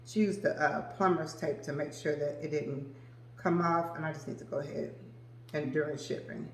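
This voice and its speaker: A woman's voice: sits low, steady tone, moderate pace, slight background noise. Brief: forties woman, chatty fragrance vlogger, gushy and familiar, roomy echo. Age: 40s. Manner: chatty and gushing, calls viewers "girl" and "y'all". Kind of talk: casual chat to camera.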